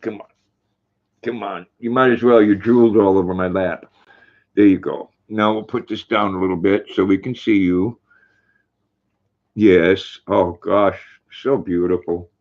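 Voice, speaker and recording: A man's voice: lowish voice, steady tone, a little slow, long pauses. Folksy older man on a lo-fi stream. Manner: folksy, reads viewer comments aloud, talks to his dog. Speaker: livestream host. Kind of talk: casual livestream chat reading comments.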